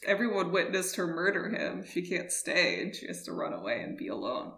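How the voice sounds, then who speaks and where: A woman's voice: fairly low pitch, big pitch swings, brisk, vocal fry, fairly bright tone. A woman in casual chat with her co-host, answering in a dry, matter-of-fact way. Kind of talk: casual movie recap chat. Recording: roomy echo.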